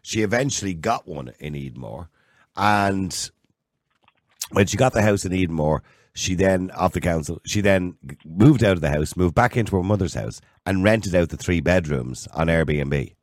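A middle-aged Irish man hosting a radio talk show, measured and pushing back on claims. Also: sits low, lively intonation, dry recording. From Ireland. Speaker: radio host.

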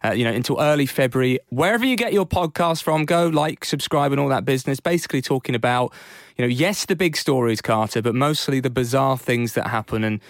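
A man hosts a podcast in an easy, teasing way, with his voice sitting at an ordinary middle pitch. He is recorded close on a studio mic that sounds dry and dead, with no room around him. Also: a little fast, no room sound. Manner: chatty, playful, teasing. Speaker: podcast host. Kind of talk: casual podcast chat.

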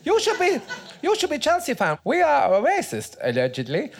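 A woman's voice: high-pitched, wildly swooping pitch, normal speed, exaggerated voice. A woman voicing a mock Italian football manager in a live comedy sketch, laughing through her lines in a put-on Italian accent.

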